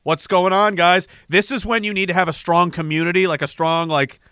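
A man's voice: high voice, fairly even intonation, fairly quick, pushed and bright, smooth, no echo, studio quality. A young man hosting a show, delivering a heated, profane, rambling monologue full of restarts. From Canada. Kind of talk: ranting casual monologue.

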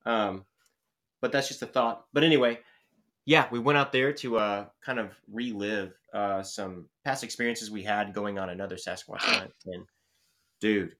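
A man's voice: on the low side, moderate pace. A man chatting casually on a podcast, rambling and hesitant, with many fillers and restarts. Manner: excitable, laughs often when telling the story.

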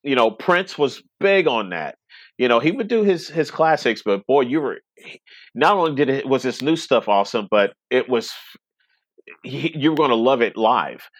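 A man's voice: medium pitch, lively intonation, moderate pace, dry recording. A middle-aged man chatting casually in a podcast conversation, rambling and laughing often. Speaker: web radio station owner, podcast guest.

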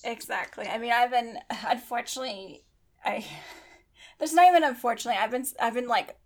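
A woman's voice: fairly high pitch, a little fast. A woman from Texas with a faint Texan accent, hosting a casual chat and rambling in a self-deprecating way.

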